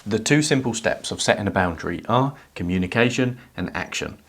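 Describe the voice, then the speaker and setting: Man, self-help lesson, steady teaching tone, lowish voice. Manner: calm, measured teaching delivery. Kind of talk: whiteboard lesson to camera.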